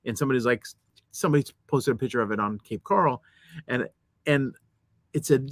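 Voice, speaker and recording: A man's voice: mid-range voice, fast talker, long pauses, fairly bright tone, no room sound. A man co-hosting a podcast in casual chat, joking dryly and often restarting his sentences. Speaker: podcast co-host.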